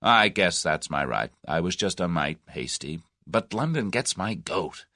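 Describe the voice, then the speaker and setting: A man's voice: low-pitched, very animated, a little slow, no echo, studio quality, exaggerated voice. A man voicing a blunt, pugnacious American man in his thirties, with an American accent, in an audiobook. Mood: gruff. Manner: blunt, forceful, folksy.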